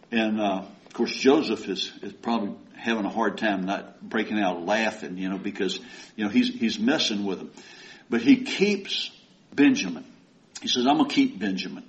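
A man's voice: fairly low pitch, measured pace. A man preaching a sermon and retelling a story in a folksy, conversational way. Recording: dull lo-fi recording.

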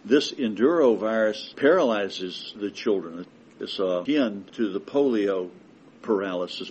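A man preaching a sermon with emphatic delivery that builds to forceful declarations. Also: lowish voice, slight background noise, low-quality recording.

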